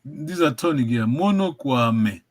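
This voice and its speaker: A man's voice: fairly high pitch, expressive, measured pace, a little mellow, low-quality recording. Encouraging man teaching a language online. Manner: encouraging, repeats words, laughs often. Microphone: video call.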